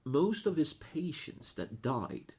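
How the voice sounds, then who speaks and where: Husky, animated man. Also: a little high, takes it slowly. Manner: animated, swears a lot, frequent restarts. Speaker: podcast co-host. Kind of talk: casual chat.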